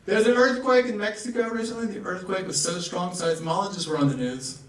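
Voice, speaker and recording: A man's voice: high-pitched, fairly bright tone, slight background noise. A young man from the American South performing a stand-up comedy set and acting out characters in raised voices. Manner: rapid asides, acts out characters in raised voices. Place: comedy club. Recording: roomy club audio from a distant mic.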